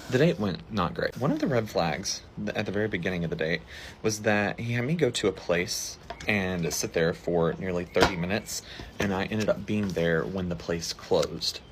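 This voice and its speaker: A man's voice: deep voice, moderate pace, a little hiss or hum. A man recounting a bad date in an exasperated storytime. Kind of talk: storytime narration.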